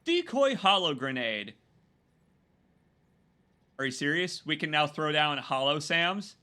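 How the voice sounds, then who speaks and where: A young man streaming a video game, commenting in a jokey and excitable way as he plays and talks to his chat. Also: fairly high pitch, slow pace. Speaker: gaming streamer. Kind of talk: live gameplay commentary.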